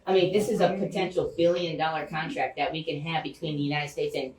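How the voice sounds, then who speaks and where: A man's voice: fairly high pitch, fairly even intonation, fast. Earnest man giving a rambling speech. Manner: rambling and earnest, many fillers and restarts. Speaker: guest speaker. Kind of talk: impassioned speech to a community group. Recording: echoey room, far from mic, faint hum.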